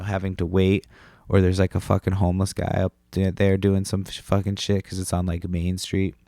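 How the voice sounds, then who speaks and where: A man's voice: sits low, darkish tone, no room sound, studio quality. A young adult man hosting a solo podcast, rambling casually with lots of profanity, fillers and restarts. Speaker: podcast host.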